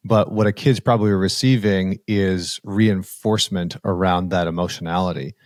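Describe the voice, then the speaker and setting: A man with a fairly low voice hosts a casual podcast conversation. He thinks out loud, restarting sentences as he hunts for the right words, and his voice sits dry and close to the mic. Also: fairly even intonation, moderate pace, dry recording. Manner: thinks aloud, hesitant restarts, searching for words. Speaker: podcast host.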